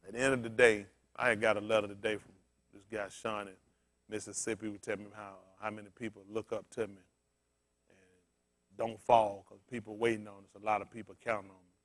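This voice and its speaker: A male pastor giving a casual, storytelling sermon, asking his congregation questions and swinging from loud bursts to quiet murmurs. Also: lowish voice, a little fast. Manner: conversational preaching, swings from loud excited peaks to quiet murmurs.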